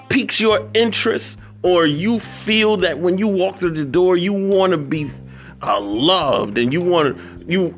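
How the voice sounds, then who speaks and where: A man's voice: fairly high pitch, a bit bright. A man hosting a radio show, reading promos and then preaching about prayer in a preacherly way, repeating phrases for emphasis.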